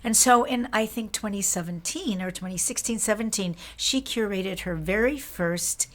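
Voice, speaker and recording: A woman host introducing a storytelling concert on her program. She talks in a loose, conversational way at a middle pitch, restarting phrases as she goes. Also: moderate pace, few pauses, fairly bright tone. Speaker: radio show host. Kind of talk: casual spoken introduction.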